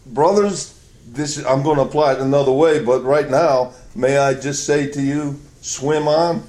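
A man's voice: mid-range voice, moderate pace, darkish tone. A male preacher delivering a sermon, telling a story with emphatic, storytelling delivery. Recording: echoey church hall.

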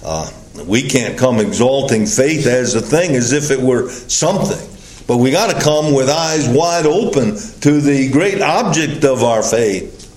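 A man preaching a sermon, leaning hard on key words with long pauses and sudden drops to a low, quiet voice. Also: echoey room, a little hiss or hum, low-quality recording. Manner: emphatic, drawn-out stresses with sudden drops in pitch and volume.

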